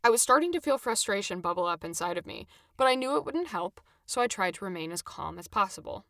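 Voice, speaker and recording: A woman reading a first-person story aloud with an expressive, animated delivery. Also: medium pitch, quick pace, creaky, few pauses, no echo, studio quality.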